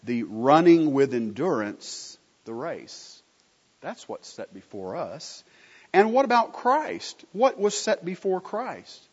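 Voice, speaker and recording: Slow and husky, with big pitch swings and a voice on the high side, a man delivers a sermon, asking the congregation questions and then answering them emphatically, as a teacher would. The recording is muffled with a long hall reverb.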